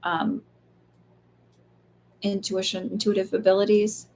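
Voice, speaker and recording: A woman's voice: medium pitch, flat delivery, measured pace, a little mellow. A woman speaking as a psychic medium in a casual live reading, chatty and loose, full of fillers and the odd swear.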